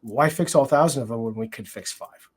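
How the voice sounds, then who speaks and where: Man, security executive, conversational, explanatory, many fillers, medium-pitched voice. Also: a little fast, breathy edge. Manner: explanatory, frequent fillers and restarts. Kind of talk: conference conversation.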